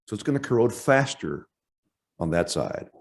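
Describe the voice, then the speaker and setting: Man, lowish voice, conference presenter, technical talk, halting delivery, stops and restarts often. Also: very animated. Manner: halting, frequent restarts and self-corrections. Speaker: workshop presenter.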